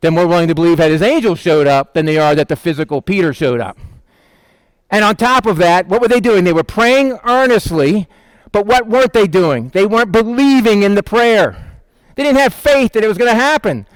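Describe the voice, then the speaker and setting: A man preaching in a conversational style, asking the listeners questions and acting out quotes in quick voices. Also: high-pitched, animated, dry recording. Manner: asks the listeners questions and answers them. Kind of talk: conversational Bible teaching.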